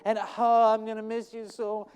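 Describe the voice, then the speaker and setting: A man playing Hannah, a grieving mother saying goodbye to her young son, fretful and over-reassuring, his voice climbing high. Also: completely flat delivery, moderate pace, darkish tone, clear, resonant tone, dull audio, natural voice. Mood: exasperated.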